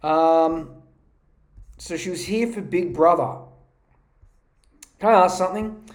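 A man with a fairly high voice speaks slowly into a podcast mic, his sound reverberant. As host, he rants in a mocking, profane comedic style.

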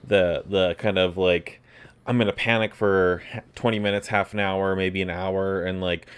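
A man who is the host's partner, speaking on a podcast in a halting way with many fillers and restarts. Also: deep voice, fairly even intonation, clear, resonant tone. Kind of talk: casual conversation.

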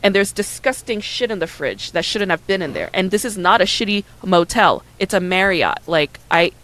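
A woman in her thirties telling a personal story in casual chat, candid and animated, with many "like" and "right?" fillers. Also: medium pitch, moderate pace, rough recording.

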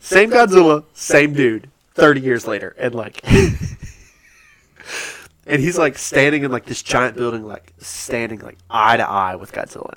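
A man's voice: mid-range voice, moderate pace, fairly bright tone, no echo. A man co-hosting a casual movie podcast, telling stories animatedly and laughing often. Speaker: podcast co-host.

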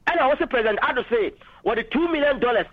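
A man's voice: very high-pitched, expressive, fast talker, dry recording. A man calling in to a political radio talk show, arguing passionately and switching into English phrases, heard over a dull phone line. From Ghana.

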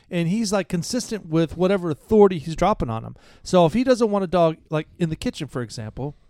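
Rambling man, slightly high voice. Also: darkish tone, no room sound. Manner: rambling, self-correcting, laughing. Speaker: podcast co-host. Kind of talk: casual chat.

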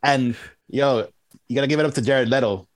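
A man's voice: medium pitch, fairly quick, dry recording. A man co-hosting a casual movie review podcast, talking hesitantly with many restarts. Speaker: podcast co-host.

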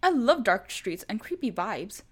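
A woman voicing a jumpy, easily flustered teenage boy who whines and gets loud when nervous. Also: mid-range voice, lively intonation, brisk, lightly acted.

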